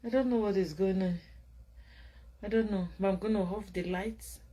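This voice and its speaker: A tired woman with a Nigerian accent, chatting casually late at night to her viewers while drinking wine. She rambles, swinging between loud remarks and drowsy murmurs. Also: mid-range voice, fairly even intonation, moderate pace. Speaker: vlogger.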